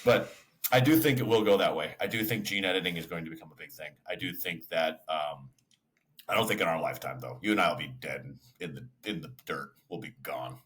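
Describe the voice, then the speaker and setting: A man's voice: low voice, brisk, fairly bright tone. A man co-hosting a casual podcast, bantering in a laid-back, joking way. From Chicago. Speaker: podcast co-host. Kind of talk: casual chat.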